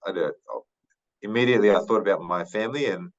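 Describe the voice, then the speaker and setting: A man in his thirties from Papua New Guinea, a podcast guest telling his story in a thoughtful, unhurried way with many fillers and restarts. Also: lowish voice, highs cut off. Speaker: podcast guest, retired rugby league player. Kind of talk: casual interview storytelling.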